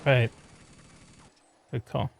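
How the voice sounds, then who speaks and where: A man hosting a live stream and commentating a competitive video game match, chatty and upbeat, calling the viewers "y'all". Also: drawn-out words.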